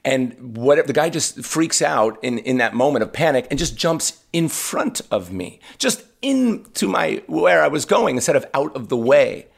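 A man guest on a podcast, telling a story about himself in a casual, animated, self-deprecating way. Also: medium pitch, measured pace, vocal fry, few pauses.

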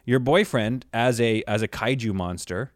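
A man's voice: mid-range voice, moderate pace, dry recording. A male co-host of a comedy podcast gives mock-expert advice, tripping over and repeating his words. The recording is dry and close, with no room sound. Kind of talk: comedic casual chat.

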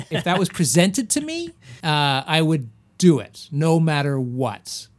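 A man's voice: fairly high pitch, sing-song, slow. A man co-hosting a comedic history podcast, chatty and skeptical.

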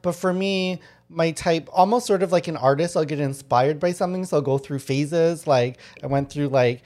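Woman, very low voice, casual chat, halting. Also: a little mellow. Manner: halting, restarts often.

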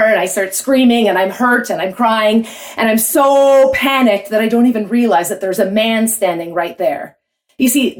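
A woman telling a vivid personal story to an audience, in an animated way. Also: a little high.

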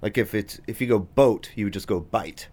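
A man's voice: on the low side, brisk, a little mellow. A man, a guest on a chat show, telling stories in a playful, laughing way. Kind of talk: casual chat.

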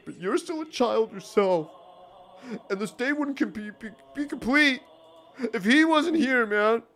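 A man voicing an excitable young male groomsman who gushes over his friend and keeps saying "man". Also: very high voice, measured pace, slight background noise, voice pushed up, heavily acted. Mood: earnest. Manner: gushing, repeats "man" constantly.

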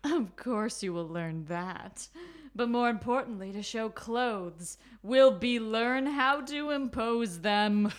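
A woman's voice: on the high side, slow. A woman reading the part of a 43-year-old woman who runs a fashion school, in a stilted manner and often breaking into giggles. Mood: amused, grand. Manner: stilted read with frequent giggles.

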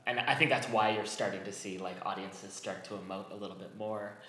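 A man's voice: on the low side, fairly even intonation, brisk, sharp tone, roomy sound, low-quality recording. A man who runs comedy shows, talking through his points in a thoughtful, hesitant way as a guest in a casual chat. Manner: thoughtful, hesitant, laughs often. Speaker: comedy show organizer, guest.

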